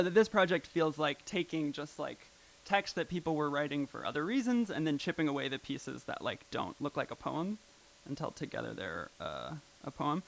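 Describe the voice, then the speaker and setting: A man's voice: fairly high pitch, creaky, a bit bright, poor audio. A man giving a casual live talk at a poetry and technology evening, loose and chatty with many fillers. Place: live event venue.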